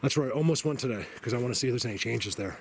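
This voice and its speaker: A man of medium pitch narrates in rapid-fire speech, with slight background noise, as he films a hike through mountain woods on a handheld camera mic. Chatty and addressing viewers as "you guys," he's sometimes out of breath.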